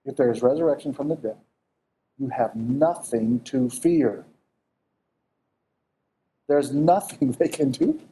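A man delivers a sermon with a mellow, warm voice. He preaches in an animated, conversational way and keeps throwing questions at the listeners. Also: medium pitch, slow, long pauses.

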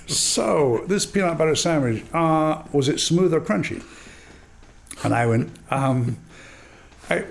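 Older male actor-teacher, lively pitch, storytelling guest who acts out lines and laughs a lot. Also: unhurried, vocal fry, long pauses, a little hiss or hum. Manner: animated, acts out dialogue in voices, laughs often. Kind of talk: storytelling interview.

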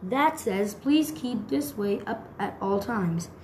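A woman's voice: medium pitch, expressive, slow, darkish tone, a little hiss or hum. A woman voicing a tubby, teasing male professor who takes his time, in a storybook reading. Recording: echoey room.

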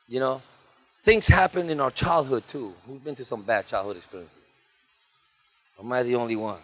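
A middle-aged male pastor, preaching a lively sermon with humor, chanted repetition and sudden shifts between loud high bursts and soft low asides. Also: a little fast, long pauses. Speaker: guest pastor. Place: church.

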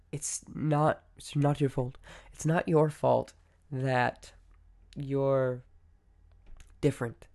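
A man of middling pitch talks alone into a podcast mic with a gravelly edge to his voice. He is reflective and conversational, stopping to correct himself and filling gaps with ums. When he quotes other people, he drops lower and quieter. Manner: reflective, conversational, with many fillers and self-corrections. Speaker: podcast host. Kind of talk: solo podcast monologue on mental health.

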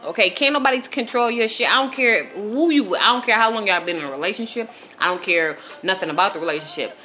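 Blunt, bright-voiced woman lecturing her viewers. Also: medium pitch, expressive, fast, soft background music. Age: around 40. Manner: blunt, profane, preachy, addresses viewers directly. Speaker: livestreamer giving advice. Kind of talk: unscripted live-stream talk to viewers.

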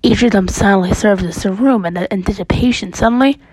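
A woman's voice: medium pitch, fairly quick, a little mellow, slight background noise, rough recording. Woman reading a spooky story aloud. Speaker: podcast storyteller.

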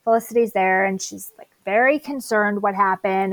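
A woman's voice: mid-range voice, steady tone, normal speed, no room sound, rough recording. A woman co-hosting a casual podcast, recapping a TV episode in a chatty way and acting out bits of dialogue. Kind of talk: casual chat.

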